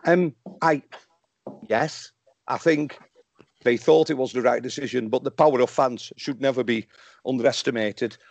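A man's voice: mid-range voice, moderate pace, vocal fry, a little mellow, no room sound. A man guest on a football podcast, talking passionately and getting riled up, stumbling into restarts as he talks over a remote call. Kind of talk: casual podcast discussion.

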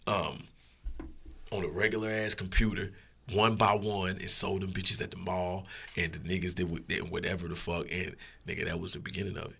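A man's voice: low voice, level tone, a little fast, gravelly, pushed and bright, breathy edge. A man, a rapper guest, telling rambling, profane stories in a laid-back casual way. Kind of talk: casual storytelling.

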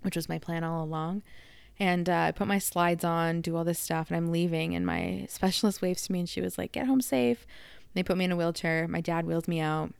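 A young woman vlogger recounts a personal story in a chatty, animated way and acts out the dialogue she quotes. Her voice sits fairly low, with plenty of vocal fry and a smooth, clear tone. The recording is dry and close to the mic. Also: a little fast, no echo. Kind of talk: casual storytelling.

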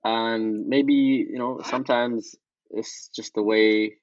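A man's voice: medium pitch, steady tone, takes it slowly, dry recording, lo-fi sound. A young man, chatting casually with lots of fillers and restarts. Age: young adult. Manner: hesitant, full of fillers and slang. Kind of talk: casual chat.

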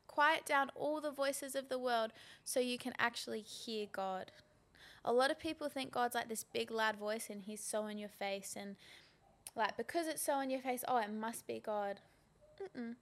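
A woman's voice: on the high side, a bit bright. A young woman hosting a faith podcast, talking earnestly and casually with fillers, then leading a prayer. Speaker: podcast host.

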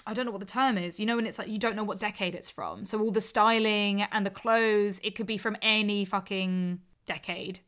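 A woman's voice: mid-range voice, fairly even intonation, a little fast, hardly any pauses, fairly bright tone. Blunt, sweary woman guest from the UK. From United Kingdom. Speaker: guest, ethical porn director. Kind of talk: casual interview chat.

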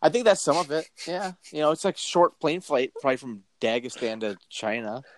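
On a casual podcast, a male co-host talks a little fast in a steady tone, yet his pitch still jumps as he rambles through crude jokes full of fillers and restarts. A little hiss or hum sits under the recording.

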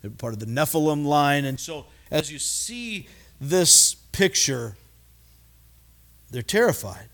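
A man preaching a sermon, animated and acting out voices, often stumbling and repeating words. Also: a little high, slow. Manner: animated, acts out voices in quotes. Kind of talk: expository sermon.

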